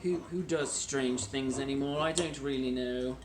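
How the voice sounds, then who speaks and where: A man hosting a casual wine-tasting vlog at home in a deliberately put-on British accent, joking and rambling about himself while recording on a phone. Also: mid-range voice, fairly even intonation, a little hiss or hum. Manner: jokey, rambling and self-mocking.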